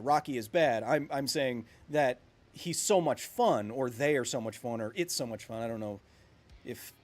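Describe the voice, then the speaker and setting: A man in his thirties live-streaming a video game, chatting casually with viewers in a rambling, self-mocking way. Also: medium pitch. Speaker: streamer playing a video game and answering chat.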